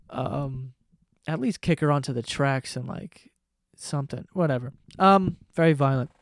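A man's voice: medium pitch, a little slow, gravelly, no room sound, studio quality. A young man telling rambling, profane stories in a casual podcast monologue. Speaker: podcast host.

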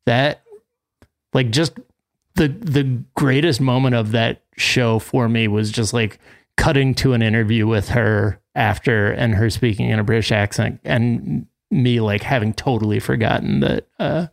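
Man, podcast co-host, laid-back, gravelly, casual chat. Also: medium pitch, measured pace. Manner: laid-back, laughs easily.

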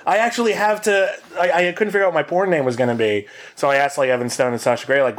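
A man's voice: fairly high pitch, fast, hardly any pauses. Rambling, self-mocking man telling a story. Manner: rambling, self-deprecating and animated, with many fillers. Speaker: podcast co-host. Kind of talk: casual storytelling.

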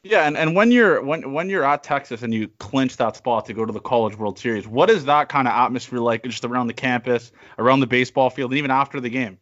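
A male podcast host asks relaxed, rambling questions in a casual interview. His voice sits at an ordinary middle pitch. The recording sounds dull and lo-fi. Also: fast talker, few pauses.

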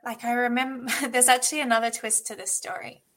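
A fairly high-voiced woman in her thirties tells a personal story. She talks in a reflective, earnest way and fills her sentences with "like". It is an interview setting. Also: little pitch movement, fairly quick, fairly bright tone. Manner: reflective, earnest, many "like" fillers. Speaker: guest, intuitive channel.

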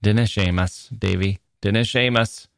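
A man voicing an earnest, kindly elderly minister, giving slow, deliberate advice. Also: lowish voice, fairly even intonation, vocal fry, fairly bright tone, dry recording. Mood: solemn. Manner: solemn, deliberate advising.

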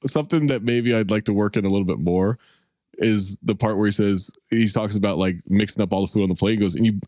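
A man co-hosting a podcast in casual chat, animated and joking with quick asides. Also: lowish voice, no room sound, clean studio sound. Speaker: podcast co-host.

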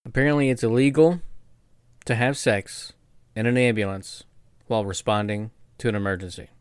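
A man co-hosting a casual chat, animated and laughing often. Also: lowish voice, normal speed, clear, resonant tone, no echo.

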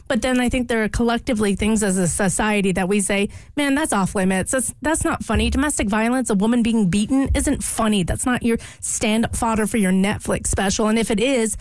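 A woman's voice: a little high, a little fast, few pauses, no echo, low-quality recording. A woman co-hosting a talk radio show, arguing a point emphatically and with indignation. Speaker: radio co-host. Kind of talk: casual talk radio discussion.

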